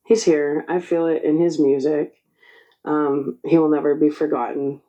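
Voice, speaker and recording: A woman in her forties hosting her own channel, speaking in an emotional spiritual monologue, choked up and halting. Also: deep voice, little pitch movement, warm tone, rough recording. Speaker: channel host.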